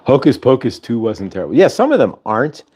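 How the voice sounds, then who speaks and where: With a husky voice and rapid delivery, the man running the livestream rambles on over the video call, chatty and full of pitch swings.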